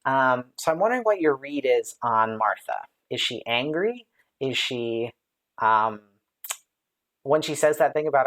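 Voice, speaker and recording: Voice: mid-range voice, animated, moderate pace, a bit bright. A Bible study leader on a live stream, thinking aloud with lots of fillers and light laughs, and answering viewer comments as they come in. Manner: reads out viewer comments and responds to them.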